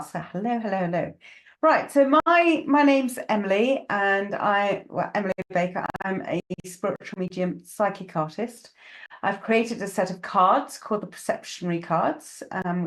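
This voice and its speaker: A woman, a psychic medium hosting a live-streamed reading show. She chats casually, greeting viewers one by one by name, with plenty of ums. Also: mid-range voice.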